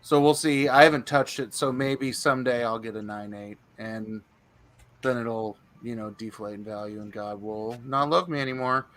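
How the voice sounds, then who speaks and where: A man's voice: mid-range voice, fairly even intonation, moderate pace, a bit bright. A man hosting a live comic book auction stream, chatty and joking, who swears casually.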